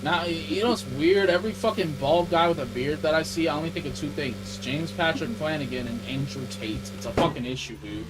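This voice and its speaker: A man's voice: fairly high pitch, fairly quick, hardly any pauses, background noise. Man ranting with heavy swearing. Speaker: livestreamer. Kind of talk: casual rant while livestreaming gameplay. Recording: game stream with music playing behind. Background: clear background music.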